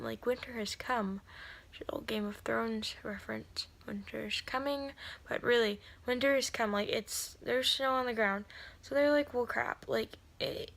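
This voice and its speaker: A woman's voice: a little high, a bit bright. A woman giving a casual spoken recap of a novel. She rambles, uses lots of fillers and corrects herself, and sometimes drops to a whisper for asides. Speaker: video creator summarizing a novel.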